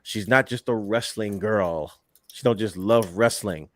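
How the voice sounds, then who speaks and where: A young man co-hosting a casual wrestling podcast, animated and emphatic, often repeating words as he drives a point home. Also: on the low side, unhurried, dry recording. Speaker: podcast co-host.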